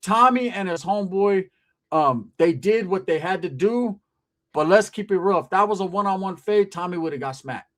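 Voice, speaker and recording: 说话直率粗口多的男解说者，声音偏高. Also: male voice, high-pitched, expressive, normal speed, a bit bright. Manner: blunt, profane street talk. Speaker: commentary channel host. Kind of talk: casual commentary monologue.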